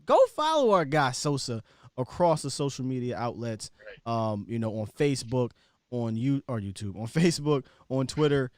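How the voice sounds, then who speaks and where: A male podcast host on a casual live stream, talking in a laid-back, slangy way with quick shout-outs. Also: medium pitch, big pitch swings, no room sound, studio quality.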